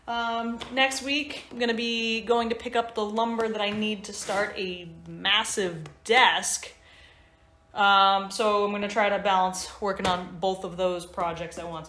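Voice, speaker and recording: A woman's voice: on the high side, fairly bright tone. Chatty woman vlogging in an echoey shop. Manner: chatty, upbeat, rambling asides. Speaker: woodworker vlogger. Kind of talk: casual vlog diary. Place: woodworking shop.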